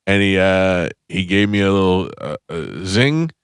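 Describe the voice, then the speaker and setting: A man's voice: sits low, animated, measured pace, clean tone, no room sound. A male radio host in casual studio chat, telling a long, self-deprecating comic story with lots of detours. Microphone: studio microphone.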